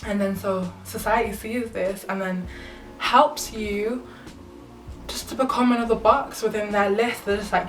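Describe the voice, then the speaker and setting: A woman's voice: medium pitch, steady tone, unhurried, soft background music. A young woman, talking to camera about spirituality in an earnest, rambling way. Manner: earnest, rambling, full of fillers. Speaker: spiritual vlogger. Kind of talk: casual spiritual talk to camera. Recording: echoey room, mic at a distance.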